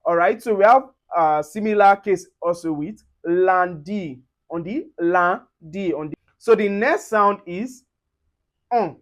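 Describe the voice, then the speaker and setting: Male French tutor, slow careful repetition in a pronunciation lesson. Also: high-pitched.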